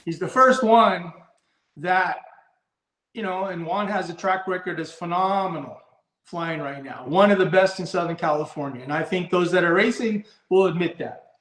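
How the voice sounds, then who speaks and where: A man's voice: high-pitched, moderate pace, fairly bright tone, echoey room. A man who breeds and handles racing pigeons, talking in a rambling, blunt way, restarting his sentences, in a casual live discussion.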